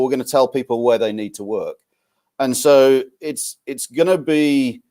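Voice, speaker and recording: Man, middle-aged, English accent, guest expert, relaxed, dry humour, middle pitch. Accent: English, softened by long life abroad. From England. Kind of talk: conversational interview answers.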